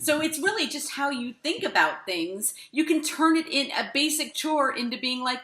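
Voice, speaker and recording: A woman's voice: sits high, moderate pace, few pauses, echoey room. A woman hosting a podcast, chatting casually and animatedly, acting out her own thoughts and laughing often. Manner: animated, laughing, talks herself through quoted thoughts. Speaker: podcast host. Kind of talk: casual conversation.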